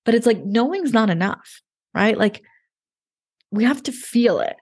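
A woman speaking as a love coach in a casual podcast conversation, animated, emotional and emphatic. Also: fairly high pitch, measured pace, breathy edge.

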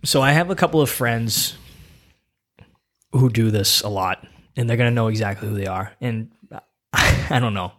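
A man's voice: fairly low pitch, normal speed, pauses often, a bit bright. A man hosting a podcast, telling stories casually and punching them up with short repeated phrases, in a small home gym room. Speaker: podcast host. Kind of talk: casual chat.

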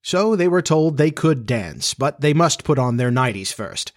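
A man hosting a podcast, reading a children's story aloud in a measured, gentle way. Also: medium pitch, expressive. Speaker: podcast host and narrator.

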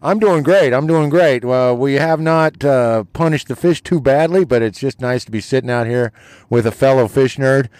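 A man's voice: mid-range voice, normal speed, a little mellow, dry recording. A man from Eastern Kansas hosting a casual, friendly interview outdoors by a river. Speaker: podcast guest interviewer.

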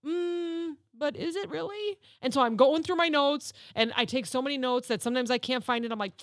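A woman co-hosting a podcast in casual chat, telling animated stories about work. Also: high-pitched, fast talker, no echo, studio quality. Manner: animated storytelling, second-guessing herself. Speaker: podcast co-host.

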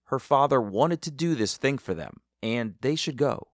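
A man hosting an interview and narrating the story between clips, calm and measured. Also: medium pitch, no room sound, studio quality. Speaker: podcast host and narrator.

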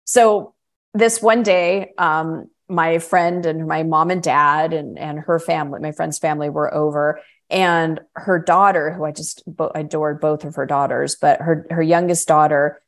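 Middle-aged woman, low-ish voice, guest storyteller, animated when she quotes people. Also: measured pace. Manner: acts out quoted voices with big pitch jumps. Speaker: guest, coach and energy healer.

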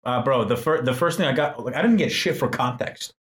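A young man on a podcast, telling an animated, slang-heavy story in casual chat. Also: mid-range voice, a little fast. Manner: animated storyteller, slangy, says "bro" and "like" a lot.

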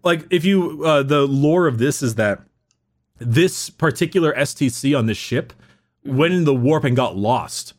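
A podcast co-host chats casually, rambling, swearing freely, and leaning heavily on "like." His medium-pitched voice is expressive and moves at a measured pace.

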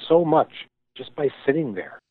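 A man being interviewed, telling a story with thoughtful pauses and frequent restarts as he explains things. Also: a little high, animated, breathy edge, dry recording. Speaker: guest, company founder. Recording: tinny phone-like line, dry.

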